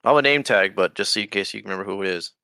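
A man's voice: on the low side, very fast, creaky, pushed and bright, clear, resonant tone, no echo. A man hosting a casual hockey podcast, playful and joking with his co-hosts. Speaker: podcast host. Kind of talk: casual sports podcast chat.

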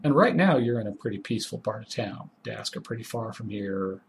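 A man running a tabletop game as game master, calmly and easily describing scenes and calling for rolls. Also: on the low side, fairly quick, vocal fry, a little hiss or hum.

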